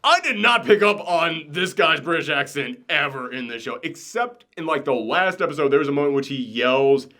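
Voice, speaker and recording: Guy co-hosting a review podcast, kinda high voice, rants hard and cusses a lot. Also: fairly quick, few pauses. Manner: animated, ranting, swears, laughs often. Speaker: podcast co-host reviewing a TV show. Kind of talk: casual review chat.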